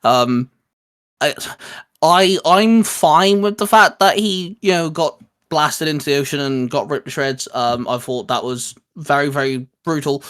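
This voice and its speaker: Man chatting in halting bursts. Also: a little high, fairly bright tone, clean tone. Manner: halting, many restarts and fillers. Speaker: podcast guest. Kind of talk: casual chat.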